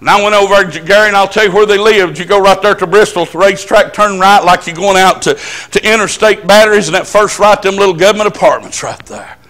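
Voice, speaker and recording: A man's voice: high-pitched, fast, a bit bright. A man preaching at a church service, telling stories in a folksy, emphatic country way. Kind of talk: storytelling sermon.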